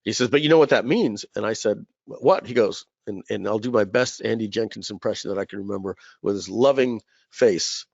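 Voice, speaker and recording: A man hosting a live webinar, telling a long story in a chatty, rambling way, with many fillers and throat clearing. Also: fairly low pitch, a little fast, few pauses, dry recording. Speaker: webinar host. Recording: dull, dry webinar audio.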